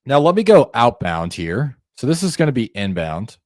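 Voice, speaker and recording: This man's mid-range voice is sing-song and a little mellow, at normal speed, recorded with studio quality and no echo. As a sales trainer giving a screen-share walkthrough, he talks viewers through a call script in a coaching, conversational style, speaking to them directly and acting out calls to show the right phone tone for each line.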